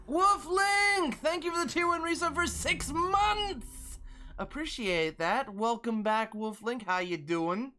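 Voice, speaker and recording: A man's voice: very high-pitched, lively intonation, slow pace, a little hiss or hum. A man streaming a game who chats casually and upbeat and greets his viewers often. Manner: upbeat, greets chat members warmly and often. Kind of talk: casual chat. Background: game music.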